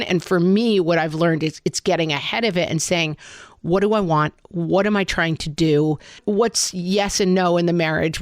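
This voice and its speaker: A woman's voice: on the low side, no echo, studio quality. A woman co-hosting a podcast about motherhood, thinking aloud in casual chat with many "like" fillers.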